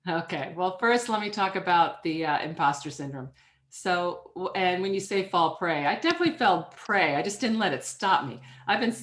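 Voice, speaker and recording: Energetic woman telling her story in a podcast interview, really emphatic. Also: medium pitch. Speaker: guest author. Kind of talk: interview answers.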